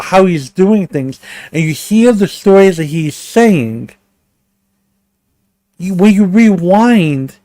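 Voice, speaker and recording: A man with a high, light voice who talks slowly and deliberately. He reacts to a clip in an incredulous, emphatic manner, stacking up points one by one. The sound is dry and close, with no room around it. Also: a little mellow, no room sound. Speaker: commentary streamer. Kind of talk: reaction commentary.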